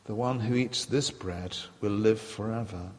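A man giving a sermon, retelling and quoting scripture in a measured, reflective way. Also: fairly low pitch, in a large hall. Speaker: preacher.

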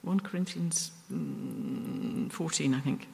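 A woman preaching a sermon up at the front, earnest and self-deprecating, with pauses and restarts. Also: deep voice, huge pitch swings, vocal fry, dark tone. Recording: long reverb from a hall.

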